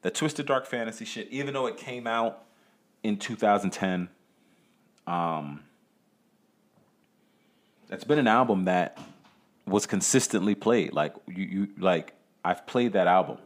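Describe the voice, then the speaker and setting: Guy doing a solo podcast, kinda low voice, swears a lot, rambles and trips over his words, keeps asking the listener stuff. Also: expressive, unhurried, long pauses. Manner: rambling, profane, frequent stammered restarts; asks the listener rhetorical questions. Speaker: podcast host. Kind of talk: solo podcast monologue, casual chat.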